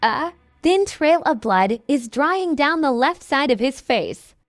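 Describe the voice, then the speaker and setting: A woman narrates a scripted horror story in a slow, measured way. Her voice is high and lively in pitch, and faint music plays behind her. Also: no room sound.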